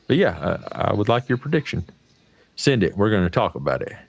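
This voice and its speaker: A man's voice: lowish voice, very animated, fairly quick, vocal fry. An American man hosting a casual livestream chat, talking in a folksy, profane, rambling way. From United States. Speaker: livestream host.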